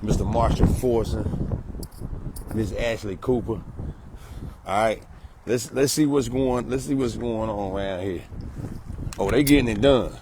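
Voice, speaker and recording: A man doing a live outdoor promo vlog, hyped and repeating slogans and shout-outs. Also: on the low side, unhurried, pauses often, background noise. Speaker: solar sales promoter.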